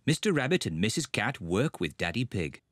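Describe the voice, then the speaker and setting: A man's voice: lowish voice, sing-song, moderate pace, fairly bright tone, no room sound, clean studio sound. A man narrating a children's cartoon in a storybook way. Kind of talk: scripted narration.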